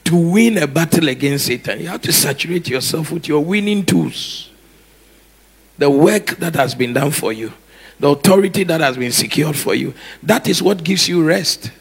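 A man preaching a sermon, animated, acting out scenes with shouts and laughter. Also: a little high, moderate pace, breathy edge. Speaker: pastor.

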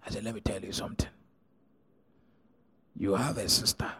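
A middle-aged man, preaching a sermon as pastor, telling stories and swinging from hushed to shouted. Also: on the low side, normal speed.

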